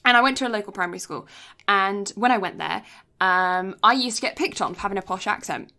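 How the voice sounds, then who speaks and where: A woman's voice: mid-range voice, a little fast, bright, forceful tone. A woman from England with an English accent tinged with Canadian, chatting casually as a podcast co-host and rambling with many asides. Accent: English, mixed with Canadian.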